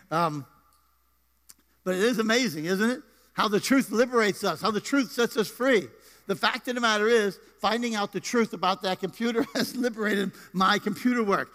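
A man's voice: high voice, normal speed, a bit bright. A man preaching a sermon in a church, playful and joking with his congregation. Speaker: pastor. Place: church sanctuary. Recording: live church hall reverb.

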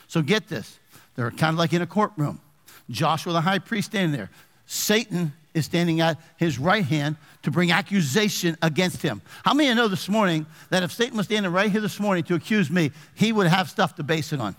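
A man's voice: fairly high pitch, a little fast, big-room sound. A male pastor preaching a sermon, reading scripture and asking the congregation questions. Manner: animated preaching with call-and-response questions to the congregation. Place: church sanctuary.

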